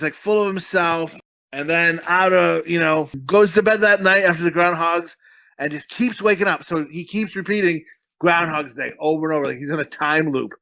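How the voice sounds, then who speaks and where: A man's voice: fairly high pitch, sharp tone, no echo. A man hosting a casual movie-review podcast, rambling, swearing freely and laughing often. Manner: profane, rambling and quick to laugh. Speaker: podcast host.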